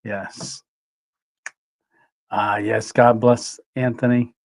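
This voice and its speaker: A man hosting a live stream, reading viewer comments in a relaxed, emotional way with many pauses and fillers. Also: on the low side, vocal fry. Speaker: channel host.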